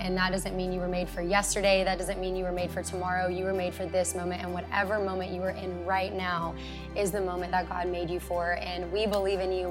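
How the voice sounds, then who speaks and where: A young adult woman, a podcast guest, speaking in a warm, encouraging way. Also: fairly low pitch. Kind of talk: heartfelt conversation. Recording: music playing underneath.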